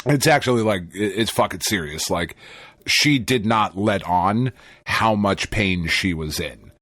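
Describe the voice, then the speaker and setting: Animated, profane New man. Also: lowish voice, measured pace, no echo. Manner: profane, animated storytelling with laughter. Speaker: podcast co-host. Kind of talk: casual chat.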